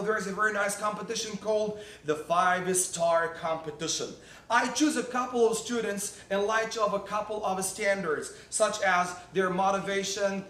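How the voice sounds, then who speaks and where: A man's voice: high-pitched, fairly bright tone, reverberant. A man, a teacher, giving motivational classroom tips to other teachers, emphatic and repeating key words for stress.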